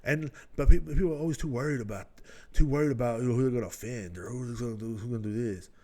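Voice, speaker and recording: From the United States, this male podcast host talks fast in a mellow, mid-range voice. Recording indoors at home, he delivers a blunt, casual rant loaded with heavy swearing.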